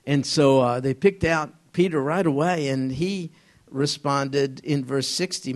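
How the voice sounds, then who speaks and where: A man leads an informal Bible study for a small group, speaking at a medium pitch. His delivery is conversational and halting, and he frequently poses questions to them.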